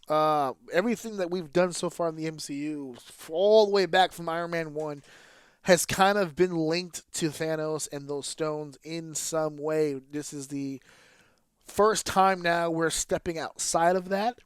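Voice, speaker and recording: A man's voice: fairly high pitch, clean tone, dry recording, studio quality. A man hosting his own podcast, giving casual solo commentary in a candid, casually profane way with fillers and restarts. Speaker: podcast host.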